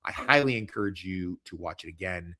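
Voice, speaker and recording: A man's voice: low voice, a little fast, bright, forceful tone. A man hosting a casual livestream chat, rambling and joking with lots of swearing. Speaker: podcast host.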